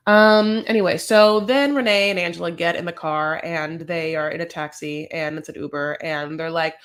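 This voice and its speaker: A woman's voice: fairly low pitch, fairly even intonation, normal speed, a bit bright. An American woman hosting a casual recap, talking in a chatty, gossipy, sassy way. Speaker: host. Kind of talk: casual reality-show recap.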